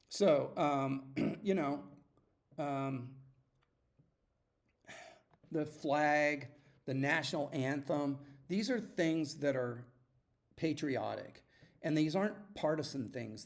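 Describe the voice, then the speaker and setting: A man hosting a solo podcast, talking earnestly and urging his listeners, often clearing his throat and restarting sentences. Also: medium pitch, darkish tone. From United States. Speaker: podcast host. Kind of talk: opinionated solo podcast monologue.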